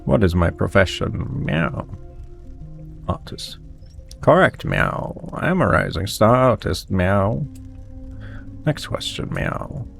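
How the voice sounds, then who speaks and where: A man's voice: lowish voice, sing-song, slow, creaky, pauses often, faint music behind, exaggerated voice. A man voicing a vain, dreamy male cat artist in a video game, in a sing-song voice that tacks meow onto his lines. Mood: pleased.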